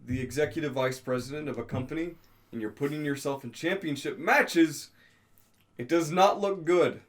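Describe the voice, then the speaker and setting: A man's voice: a little high, normal speed. A man co-hosting a podcast, chatting about wrestling with dry, teasing quips. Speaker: podcast co-host. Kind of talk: casual wrestling chat.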